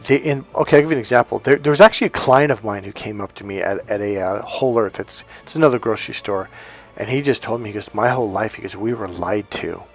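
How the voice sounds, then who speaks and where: A man's voice: fairly low pitch, fairly quick, soft background music. A man from the San Francisco Bay Area, a self-help coach talking in a casual, rambling opinion monologue that acts out the voices he quotes.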